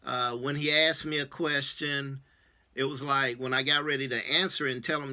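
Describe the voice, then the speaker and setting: Casting note: male church elder, bright clear tone, loose storytelling with lots of uh's. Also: medium pitch, fairly even intonation, moderate pace. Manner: casual, many fillers, acts out quoted dialogue. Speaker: religious elder. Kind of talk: personal testimony storytelling.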